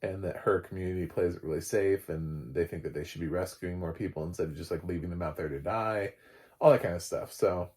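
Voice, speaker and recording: A man's voice: low-pitched, brisk, a little mellow. A man casually recapping a TV episode, rambling with lots of fillers and frequent laughter. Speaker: TV show reviewer.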